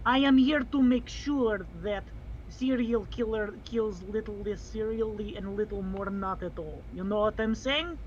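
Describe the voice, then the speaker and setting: Casting: player as hulking bear protector, broken English, slow and solemn, dull lo-fi mic with faint hiss. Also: medium pitch, natural voice. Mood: earnest. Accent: put-on foreign broken English. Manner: slow, solemn, dropping articles. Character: big clumsy bear warrior, earnest protector.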